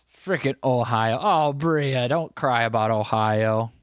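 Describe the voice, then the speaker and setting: A man's voice: medium pitch, clear, resonant tone, no room sound. Playful American man chatting on a livestream. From United States. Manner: playful, joking, breaks into bits of song. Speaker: livestream host. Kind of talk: casual livestream chat reading viewer comments.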